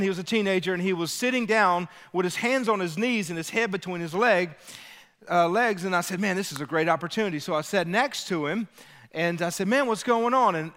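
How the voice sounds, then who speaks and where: A man from Louisiana, preaching a sermon as lead pastor, energetic and rallying his congregation as he tells a story. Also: sits high, long reverb tail. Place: church.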